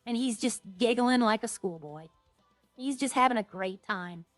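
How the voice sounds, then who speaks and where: Higher-voiced woman streaming a game. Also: animated, normal speed, dry recording, faint music behind. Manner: rambling, thinking aloud. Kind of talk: casual gameplay chat.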